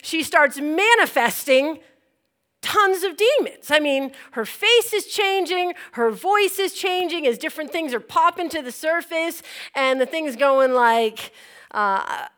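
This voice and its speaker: A woman preaches a testimony with a high, sharp voice. She tells it in an animated way, acting out each scene and laughing between lines. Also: a little slow. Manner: animated storytelling, acts out scenes. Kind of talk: testimony sermon.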